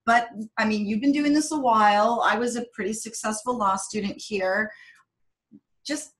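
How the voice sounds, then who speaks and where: A woman's voice: fairly high pitch, moderate pace, fairly bright tone, rough recording. A woman interviewing a professor in a casual, playful, upbeat way.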